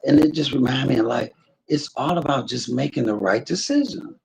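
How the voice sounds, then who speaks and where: A man's voice: mid-range voice, animated, normal speed, gravelly, a little mellow, breathy edge, rough recording. A man streaming live to his viewers, telling a story in an emphatic, preachy way, full of religious exclamations. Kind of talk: casual spoken testimony to a live chat.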